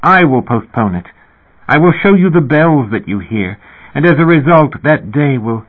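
A man reading a calm, cryptic young woman in a raised voice, cool and lightly teasing, through a narrow-band radio sound. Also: on the high side, normal speed, pitched above the performer's own voice.

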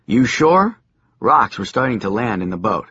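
A man narrating a comic novel in a dry, deadpan way. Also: on the low side, fairly quick, slightly rough, dry recording, muffled recording. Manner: dry, deadpan wisecracking delivery.

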